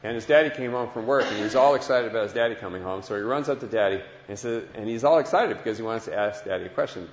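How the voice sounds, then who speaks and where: Earnest preacher in an echoey hall. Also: male voice, lowish voice, fast talker, few pauses. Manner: warm, earnest, repeats phrases. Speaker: preacher giving a testimony. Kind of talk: heartfelt Christian sermon. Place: large hall with listeners. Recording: dull lo-fi sound with long hall echo.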